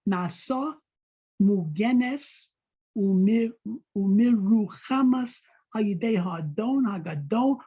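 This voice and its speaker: A man leads a text-study class. He reads a Hebrew phrase, then translates it in a slow, mellow, husky voice. The recording is dull and lo-fi. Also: high-pitched. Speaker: Torah study teacher.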